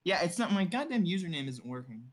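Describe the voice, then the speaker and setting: A young man riffing on a podcast with crude, rambling jokes and a quick laugh. His voice sits a little high for a man. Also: very animated. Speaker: podcast co-host. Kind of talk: joking podcast banter.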